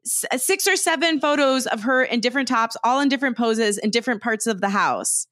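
Young woman podcast host, animated storyteller; higher voice, dry sound. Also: brisk, dry recording. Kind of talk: casual chat.

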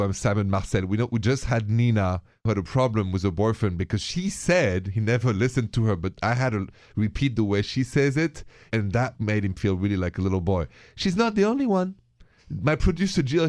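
A man hosting a radio relationship advice show in a playful, animated way. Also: fairly low pitch, no echo, studio quality. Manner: animated, playful, mixes in French greetings.

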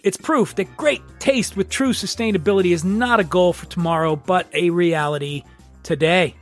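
A man with a high voice reads sponsor ads on his podcast at a moderate pace, joking, rambling and poking fun at himself. Faint music plays behind him.

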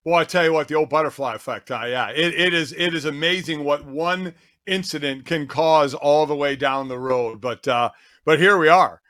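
A man co-hosting a sports podcast with his son, teasing and animated in casual chat. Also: on the high side, normal speed, dry recording, clean studio sound. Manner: teasing, animated back-and-forth. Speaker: co-host, the host's father.

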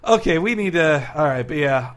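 A man's voice: a little high, expressive, moderate pace, fairly bright tone. A man co-hosting a podcast, chatting with enthusiasm and lots of "like" fillers. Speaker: podcast co-host. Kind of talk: casual podcast chat.

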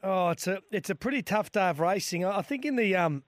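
A man co-hosting a racing radio show, with a high-pitched voice. He is jokey and quick to chime in, and the sound is dry and close. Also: animated, no room sound. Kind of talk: casual radio chat.

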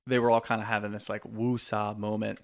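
A man's voice: fairly low pitch, level tone, brisk, gravelly. A man co-hosting a podcast, chatting in a laid-back, wry way and swearing freely. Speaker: podcast co-host. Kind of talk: casual chat recapping reality TV.

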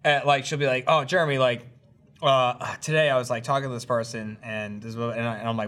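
Male co-host, mid-pitch, rambling and self-mocking in casual chat. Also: level tone, brisk, fairly bright tone. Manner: rambling, self-deprecating storyteller. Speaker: podcast co-host.

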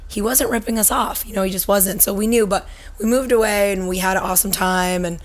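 A woman's voice: mid-range voice, fairly even intonation, fairly quick. A woman in casual chat, telling a beach story and acting out what people said. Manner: chatty, laughing, acts out quotes.

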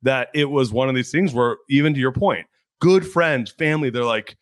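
A man's voice: medium pitch, expressive, moderate pace, no room sound. A man hosting a podcast, talking casually and enthusiastically with plenty of slang and swearing. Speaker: podcast host and author.

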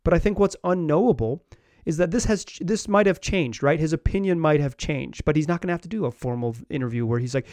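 A man's voice: a little high, lively intonation, fast talker, a little mellow, no room sound. A man hosting a sports podcast, talking loosely with many restarts and fillers. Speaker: podcast host. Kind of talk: casual sports commentary.

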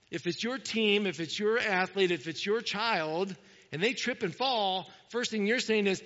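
A man's voice: high-pitched, moderate pace, sharp tone, in a large hall, lo-fi sound. A man preaching a sermon as pastor, pressing his points with emphatic repeated calls. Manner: preaching with rising, emphatic repetitions.

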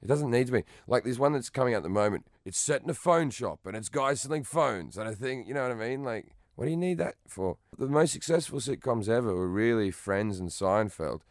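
A man's voice: medium pitch, lively intonation, a little fast, few pauses, no echo, clean studio sound. A man with an Australian accent, chatting as a comedian guest in an interview, blunt, profane and self-mocking. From Western Australia. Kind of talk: casual interview chat.

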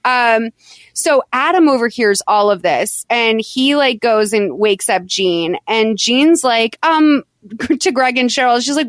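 A woman hosting a podcast, chatting casually as she retells a movie plot in an animated way. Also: a little high, slow, dry recording. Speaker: podcast host. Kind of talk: casual chat recapping a movie.

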